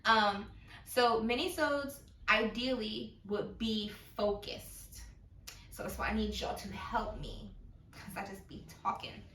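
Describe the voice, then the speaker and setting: A woman's voice: a little high, fairly even intonation, takes it slowly, fairly bright tone, echoey room, recorded from a distance, slight background noise. A woman hosting a casual podcast, laughing often and talking loosely with plenty of fillers. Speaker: podcast host.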